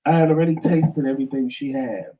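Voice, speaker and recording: A man co-hosting a talk show, telling stories in a lively, dramatic way and acting out what people said. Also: mid-range voice, fast. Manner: animated, dramatic storyteller acting out quotes. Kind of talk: casual storytelling chat. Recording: voice somewhat distant from mic.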